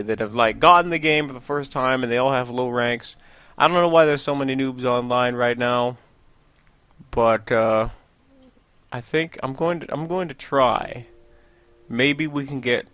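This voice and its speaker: A man's voice: medium pitch, fairly bright tone, dry recording. A young man casually commenting over his own gameplay, rambling and joking at himself with frequent laughs. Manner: rambling, self-mocking, laughs often. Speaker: Let's Play host.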